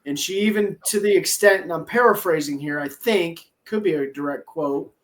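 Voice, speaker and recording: Casting: male angler guest with a high voice, a wry and animated storyteller. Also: moderate pace. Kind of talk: casual podcast storytelling.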